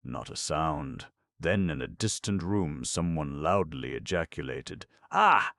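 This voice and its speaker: A male audiobook narrator with an extremely low, gravelly voice reads classic fiction in a measured, literary manner. The recording is dry and close, with no room around it. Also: no echo. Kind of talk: scripted narration.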